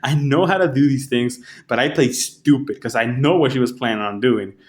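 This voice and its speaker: A man casually telling a rambling story to camera, swearing often and restarting his sentences. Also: mid-range voice. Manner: rambling, profane, halting restarts. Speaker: vlogger.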